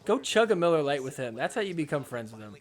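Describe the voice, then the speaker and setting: A man's voice: on the high side, big pitch swings, quick pace. A young man hosting a pickleball podcast, recapping matches with sarcastic commentary and mock voices for the players. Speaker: podcast host. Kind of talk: comedic sports recap commentary.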